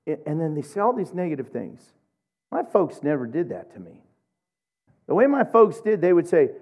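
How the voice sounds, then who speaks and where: A middle-aged man from Oklahoma preaching a sermon, telling humorous, animated stories. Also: high-pitched, moderate pace. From Oklahoma, USA. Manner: humorous, animated storytelling with laughs.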